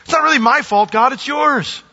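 Brief: preacher acting out a self-pitying churchgoer, high whine, husky edge. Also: male voice, moderate pace, pushed and bright, heavily acted. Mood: whining. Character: whiny self-pitying churchgoer pleading with God. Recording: dull recording, long hall reverb.

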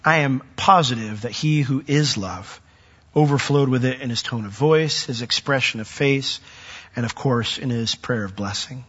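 A man's voice: medium pitch, moderate pace, a bit bright, breathy edge. A middle-aged man preaching a sermon as pastor, conversational with dry, wry humor. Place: large church sanctuary. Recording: dull lo-fi sound with long hall reverb.

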